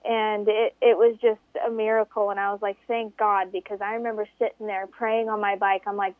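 A woman guest recounting a desert race story, animated and acting out the voices of people she quotes. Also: a little fast, hardly any pauses, dry recording. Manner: animated, acts out quoted voices with big pitch jumps. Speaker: interview guest, desert racer. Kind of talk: storytelling in conversation. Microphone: phone. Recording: tinny phone line.

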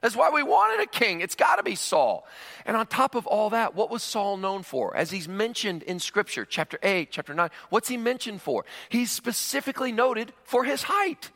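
Animated guy preaching, high bright voice, jokey asides, big echoey church. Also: normal speed, gravelly. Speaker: pastor. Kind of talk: sermon. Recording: long hall reverb.

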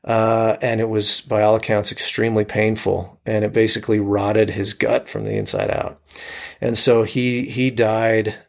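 A man's voice: lowish voice, flat delivery, moderate pace, creaky. A man from Utah, a comedian and actor, chatting as an interview guest with frequent hesitant restarts. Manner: hesitant, many restarts and fillers. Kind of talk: casual interview chat.

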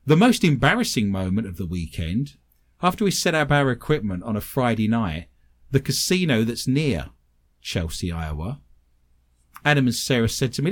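Animated british man telling funny stories. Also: mid-range voice, normal speed. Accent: British English. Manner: animated, self-mocking anecdotes. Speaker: paranormal investigator and medium, guest. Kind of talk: casual storytelling on a talk show.

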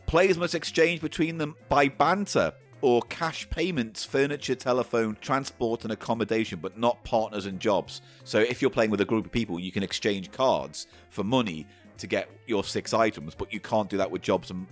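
A man's voice: on the low side, moderate pace, hardly any pauses, soft background music. A man, co-hosting and reading out board game rules in sardonic, swearing casual chat. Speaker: co-host playing a board game.

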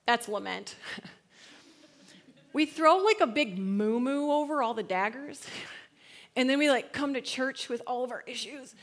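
A woman in her thirties giving a casual, slangy church talk, laughing often and swinging from hushed to loud. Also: high-pitched, lively intonation, normal speed. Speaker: speaker at a church gathering.

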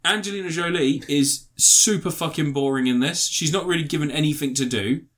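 A man's voice: a little high, fairly quick, a bit bright. A man chatting casually about a film, rambling and swearing, doing mocking impressions.

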